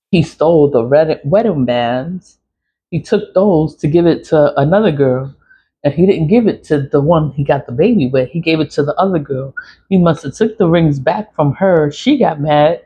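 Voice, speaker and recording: A woman's voice: sits low, normal speed, warm tone, a little hiss or hum. A middle-aged woman, telling a personal story in a blunt, swearing, venting way with laughs. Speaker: vlogger. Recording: dull lo-fi audio.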